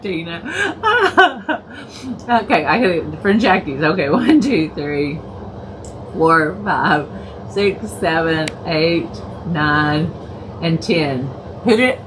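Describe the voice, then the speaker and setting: A woman's voice: fairly low pitch, background noise. A woman hosting a casual crafting livestream, laughing through her words and chatting to viewers by name. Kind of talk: casual live crafting chat.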